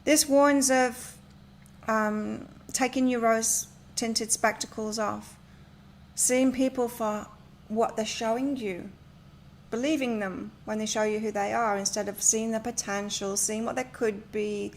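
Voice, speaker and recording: A woman's voice: fairly high pitch, steady tone, a little slow, a little hiss or hum. A woman reading tarot and oracle cards on a live stream from her home, chatting and rambling as she gives spiritual advice. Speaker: tarot and oracle card reader.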